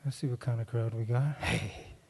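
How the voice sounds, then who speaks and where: A man's voice: medium pitch, moderate pace, gravelly, slightly rough. A middle-aged man doing stand-up comedy, telling stories with energy and acting out both sides of each conversation. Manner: animated storytelling, acts out both sides of dialogues. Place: conference hall. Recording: live hall with long reverb.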